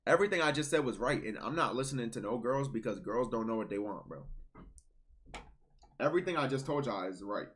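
A man streaming casual reaction commentary, blunt, swinging between low muttering and loud outbursts. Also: expressive, fairly quick, breathy edge.

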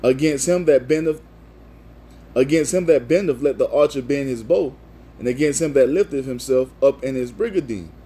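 Emphatic husky-voiced male preacher. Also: medium pitch, moderate pace, warm tone. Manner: emphatic, repeats "man" and "you see" often. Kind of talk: video sermon with scripture reading.

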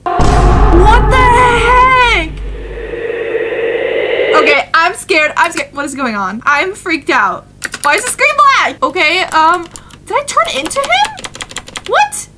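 A woman doing excitable, easily spooked commentary while playing a horror game. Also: very high-pitched, a little slow, very noisy. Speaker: gaming YouTuber.

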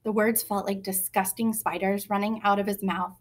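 Expressive woman reading a children's novel. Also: medium pitch, moderate pace. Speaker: reader. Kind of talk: storybook narration.

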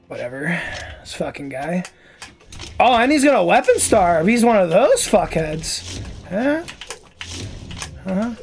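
A man mutters and rants through casual gameplay commentary, his voice gravelly. He trash-talks his opponent freely and gets annoyed fast. Soft game music plays in the background. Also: high-pitched, big pitch swings. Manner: profane, trash-talking, easily annoyed. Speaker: gaming streamer.

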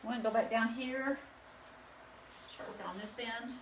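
The recording has a roomy echo and faint background noise as a studio owner and painting instructor talks through a live demo. Her voice sits on the high side, with fairly even intonation and normal speed, and she rambles with frequent fillers.

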